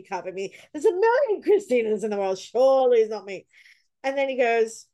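A woman's voice: fairly quick, dull audio. A woman hosting a casual podcast chat, telling stories and acting out her own reactions. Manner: animated, acts out her own past reactions with sudden high cries. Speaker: podcast host.

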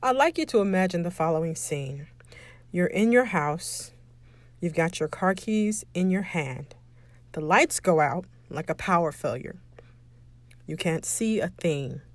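A woman's voice: on the low side, lively intonation, a little slow, dry recording. Woman hosting a motivational podcast, tells stories and acts out the voices, dry close sound. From Atlanta, Georgia. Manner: storytelling, acts out dialogue, laughs easily. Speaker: podcast host.

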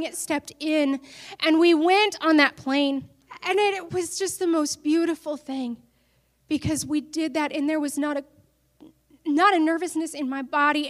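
A woman preacher giving an earnest sermon that builds to emphatic declarations. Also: high voice.

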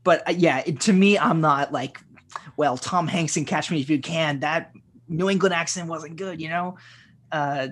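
Male co-host, husky tone, halting casual film chat full of fillers. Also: a little high, fairly bright tone. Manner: halting, many fillers and restarts. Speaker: podcast co-host.

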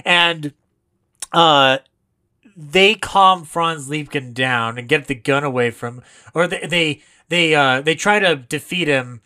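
A podcast co-host in a casual film analysis chat, animated and laughing often. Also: mid-range voice, slow pace, clean tone.

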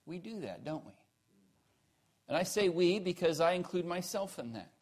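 A man preaching a sermon, earnest, asking the listeners questions, rising to emphatic peaks and then dropping low and quiet. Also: animated, moderate pace.

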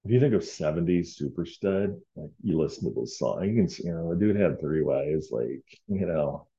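Low, mellow-voiced man rambling. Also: animated, normal speed, dull audio. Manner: rambling, heartfelt, full of fillers. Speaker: podcast host. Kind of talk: casual solo podcast monologue.

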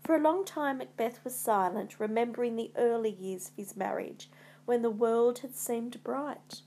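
A woman reading a retold classic tale aloud as a storyteller, in a measured storybook manner. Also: fairly high pitch, warm tone.

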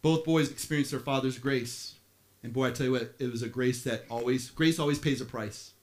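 A man preaching a sermon as pastor, animated, with playful asides, swinging from quiet stretches to shouting. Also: medium pitch, brisk.

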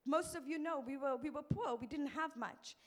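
A middle-aged woman, preaching a sermon in a lively, emphatic way and acting out the people she quotes. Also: high-pitched, moderate pace. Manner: lively, emphatic, quotes others in changed voices. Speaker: pastor's wife preaching.

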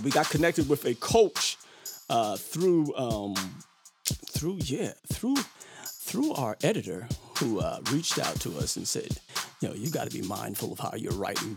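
A man hosting a podcast, chatting casually in an animated, rambling way with lots of fillers. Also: a little high. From Brooklyn. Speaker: podcast host. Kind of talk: casual chat.

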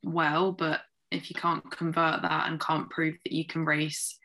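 A woman's voice: low voice, flat delivery, unhurried, pushed and bright. A woman co-hosting a casual chat, thoughtful and reasoning aloud with many fillers.

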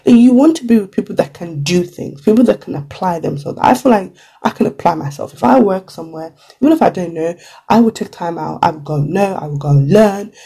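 A relaxed vlogger chats straight to camera with a gravelly, husky edge to the voice. The tone is dark and mellow, full of "like" and "you know", with quick acted-out quotes dropped in along the way. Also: medium pitch. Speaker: vlogger giving career advice. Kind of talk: casual to-camera chat.

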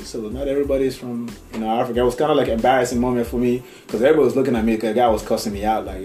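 A man from Nigeria with a Nigerian accent, telling stories in a rambling, animated casual chat and laughing often. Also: mid-range voice, rapid-fire, hardly any pauses. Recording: echoey room, faint music.

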